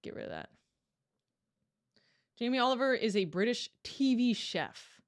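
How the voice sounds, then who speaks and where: A young woman with a fairly high voice that swings up and down a lot, chatting on a livestream. She is curious, asks a lot of questions, and laughs often as she reacts. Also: animated, unhurried. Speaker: streamer. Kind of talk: casual reaction stream chat.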